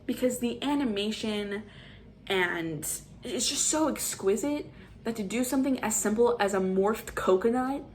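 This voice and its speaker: A woman's voice: on the high side, unhurried, a little hiss or hum. Exasperated young woman ranting about films. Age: 20s. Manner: animated, exasperated rants. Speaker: vlogger. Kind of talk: casual movie review monologue.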